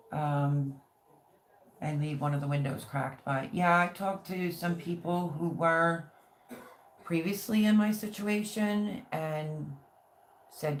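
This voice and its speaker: A woman hosting a casual livestream, chatting and reading viewer comments aloud with warm, gushing thanks. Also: sits low, gravelly, slight background noise. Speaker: livestream host.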